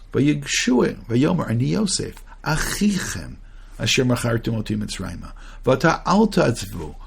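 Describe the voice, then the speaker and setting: Gravelly, husky rabbi teaching Torah. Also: male voice, medium pitch, a little mellow. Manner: earnest, questions the audience, frequent restarts; chants Hebrew verses between English explanation. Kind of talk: conversational Torah lecture.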